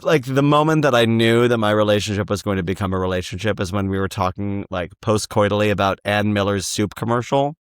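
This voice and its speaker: A man guesting on a podcast, chatting about musicals in an animated, joking way. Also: on the low side, a little fast, hardly any pauses, clear, resonant tone, no echo, studio quality. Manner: animated, joking, slips into impressions. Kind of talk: casual chat about musicals.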